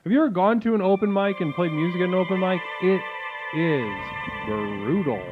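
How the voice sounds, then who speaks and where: A man's voice: high voice, lively intonation, normal speed. A man hosting a comedic new-age call-in stream, talking in a soothing spiritual-guru patter. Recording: phone-like lo-fi with faint music.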